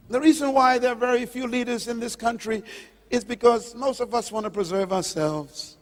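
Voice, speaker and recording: In an echoing hall with long reverb, an impassioned male preacher delivers a sermon. He's emphatic, swinging between loud declarations and low, slowly drawn-out words, and he questions his listeners directly.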